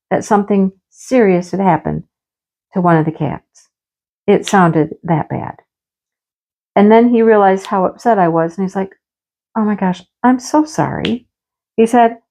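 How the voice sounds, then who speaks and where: A middle-aged woman in a casual home-office chat, telling stories in a chatty, animated way. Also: lowish voice, creaky. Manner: chatty, storytelling, animated exclamations. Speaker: craft vlogger.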